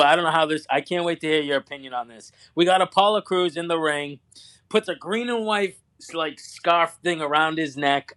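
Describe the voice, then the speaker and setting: A man with a slightly high voice co-hosts a casual wrestling recap show. He talks through his notes in a loose, rambling way, full of fillers and restarts. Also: a bit bright.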